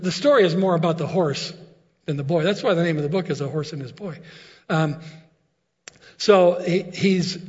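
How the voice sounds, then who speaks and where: A man preaching a sermon, retelling a story in an earnest, storytelling way. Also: fairly high pitch. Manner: storytelling, earnest, with filler restarts. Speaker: pastor. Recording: long echo, dull lo-fi sound.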